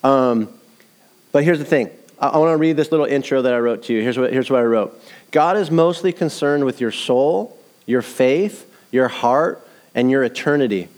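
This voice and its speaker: Middle-aged man preaching; energetic storyteller who acts out the dialogue. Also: medium pitch. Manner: animated storytelling, acts out quotes. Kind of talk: sermon with personal story.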